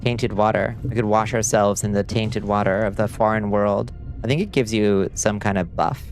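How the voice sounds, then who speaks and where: A man hosting a livestream, giving excitable, casual gameplay commentary, chatting with viewers and swearing and yelling when frustrated. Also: on the low side, moderate pace, faint music behind. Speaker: livestream host.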